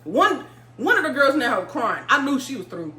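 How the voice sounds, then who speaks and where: A woman vlogger telling a story in a casual, animated way, swearing freely and talking straight to her viewers. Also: sits high, a little fast, echoey room, slight background noise.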